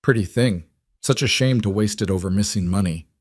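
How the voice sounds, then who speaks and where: Brief: a man doing a hulking Russian henchman, cold and polite, low voice, dry close sound. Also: fairly quick, no echo, close to an everyday voice. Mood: coldly polite. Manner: calm, coldly polite threats. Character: menacing burly Russian male enforcer.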